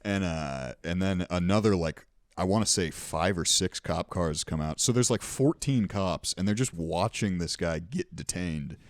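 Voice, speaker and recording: Low-voiced man telling rambling stories. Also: unhurried, dry recording, clean studio sound. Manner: rambling, profane, laughing anecdotes. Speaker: podcast host. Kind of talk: casual storytelling chat.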